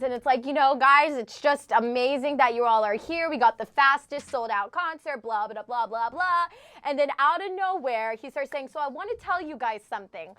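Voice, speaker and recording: A woman's voice: high-pitched, a bit bright, clear, resonant tone, no room sound. A woman in her twenties telling an emotional story in casual chat, full of fillers and close to tears. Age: 20s. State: tearful, overcome with emotion. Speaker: podcast co-host.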